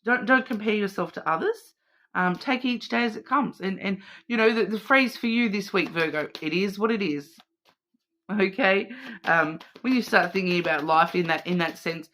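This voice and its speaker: A woman's voice: lowish voice, normal speed, sharp tone, a little hiss or hum. A woman with an Australian accent doing a casual card reading, rambling with many fillers and restarts. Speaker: card reader.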